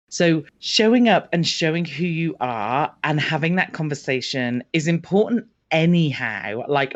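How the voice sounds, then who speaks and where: A woman, a marketing expert guest, talking casually and acting out example conversations as she explains. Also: extremely low pitch. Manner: lively storytelling, acts out conversations. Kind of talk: casual interview talk. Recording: dull lo-fi audio.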